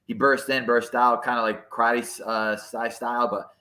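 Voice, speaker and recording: Bright-voiced man breaking down fights. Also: medium pitch, little pitch movement, moderate pace, echoey room, low-quality recording. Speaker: podcast co-host, fighter. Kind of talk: casual podcast chat and fight analysis.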